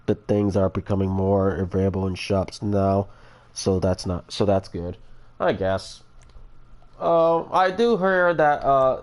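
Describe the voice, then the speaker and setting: A streamer from Florida with a fairly low, slightly mellow voice chats casually on his livestream. He rambles hesitantly, with many fillers and restarts.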